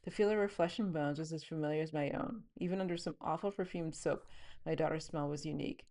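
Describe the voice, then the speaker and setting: Low-voiced woman reading her own novel. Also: fast, mellow. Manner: reads the scene plainly, then breaks into chatty asides. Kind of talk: book reading with commentary.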